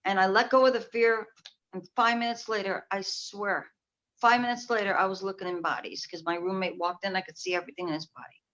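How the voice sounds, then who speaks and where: A woman's voice: mid-range voice, steady tone, brisk, fairly bright tone. A woman from New York, a clairvoyant guest, telling her story in a rambling way that trails off and restarts. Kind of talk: casual interview chat. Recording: dull lo-fi call audio.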